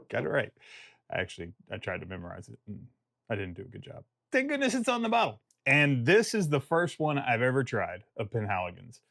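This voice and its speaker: A man's voice: mid-range voice, gravelly, a bit bright, no room sound. A man in the middle of his vocal range talks through a fragrance review in a loose, easygoing way. He wanders off on tangents and pokes fun at himself. The sound is close and dry, with almost no room around him. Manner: chatty and rambling, jokes at his own expense. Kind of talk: casual review vlog.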